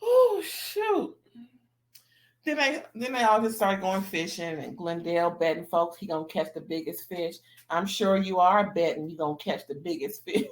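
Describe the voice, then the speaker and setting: A woman's voice: on the low side, normal speed. A woman chatting casually as she recaps a reality TV episode, gossipy and slangy, laughing often between remarks. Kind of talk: casual commentary.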